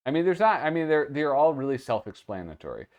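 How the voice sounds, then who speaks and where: A man's voice: on the high side, sing-song, quick pace, a little mellow. A sleepy man hosting a casual commentary, rambling and hesitant with lots of fillers. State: sleepy, yawning. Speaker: host.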